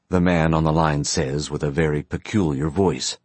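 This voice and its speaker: A man narrating a story in a steady, plain storytelling manner. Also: rumbling low, moderate pace, few pauses, dry recording. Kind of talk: audiobook narration.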